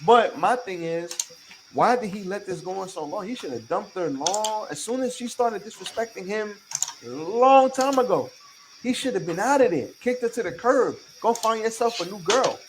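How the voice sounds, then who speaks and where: A man's voice: sits high, lively intonation, normal speed, background noise. A man hosting a podcast in casual chat, talking emphatically with a lot of profanity and repeating his points to lecture his listeners. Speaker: podcast host.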